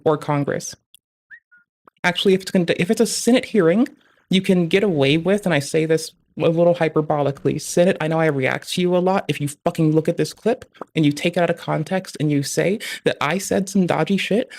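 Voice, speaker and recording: A man's voice: fairly high pitch, vocal fry. Profane rambling young man streamer. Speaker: live streamer. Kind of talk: casual stream chat.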